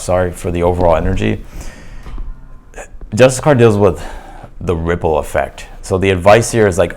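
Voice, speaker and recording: A man with a very low voice and a gravelly, fry-laden edge talks through a tarot spread for his viewers. He is loose and chatty, leaning on fillers and restarting his sentences, and sounds a little hoarse, as if he is losing his voice. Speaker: tarot reader. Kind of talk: casual tarot reading to camera.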